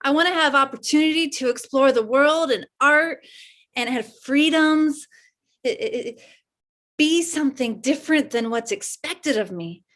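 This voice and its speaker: An actress playing a shy 1950s teen girl confiding in her friend, talking in a halting, unsure way in a live improv comedy scene. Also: high-pitched, a bit bright. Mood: earnest.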